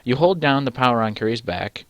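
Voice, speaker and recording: A man's voice: mid-range voice, expressive, a little fast, dry recording. A young man reading a choose-your-own-adventure game aloud and rambling through his choices, cutting himself off mid-sentence and swearing casually. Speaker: let's-play host.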